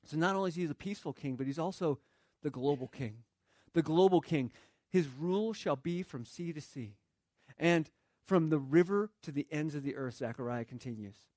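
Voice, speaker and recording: A man delivers a sermon in a fairly high voice, recorded close and dry with no room sound. He speaks earnestly, quotes scripture and works the message up with rising intensity. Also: fairly quick, darkish tone, no echo. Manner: earnest preaching, quoting scripture, building in intensity. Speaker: pastor.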